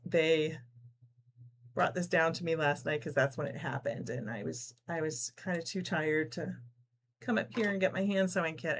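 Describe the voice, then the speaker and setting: A middle-aged woman from New Jersey hosting a casual live sew-along, chatting, laughing often and reading out viewers' comments as she sews. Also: deep voice. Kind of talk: casual live-stream chat while sewing.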